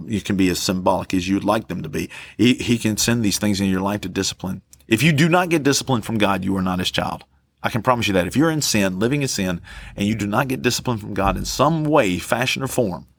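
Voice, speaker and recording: A man preaching a passionate sermon as pastor, dragging out key words slowly for emphasis. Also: lowish voice, slightly rough, no echo.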